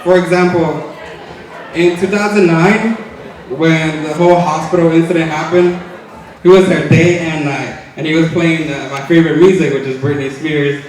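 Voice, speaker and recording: Laughing between jokes, a man in his twenties toasts his twin brother's wedding in a big hotel banquet hall. He has a fairly high voice, fairly even intonation and a moderate pace. It's captured from a distant mic with lots of echo.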